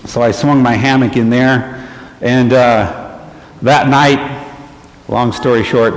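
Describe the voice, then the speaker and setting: A man tells his testimony to a church congregation, acting out each person in his story with a lively, raised voice. His mid-pitched voice rings through a large reverberant hall with faint background hiss. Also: measured pace. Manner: acts out quoted people with lively raised voice, laughs often. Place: church sanctuary.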